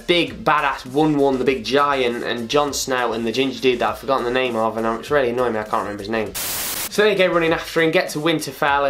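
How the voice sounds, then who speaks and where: A man vlogging in a loose, chatty way, swearing freely and getting excited as he talks. His pitch sits in a middle range for a man. Faint music plays behind him. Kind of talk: casual chat.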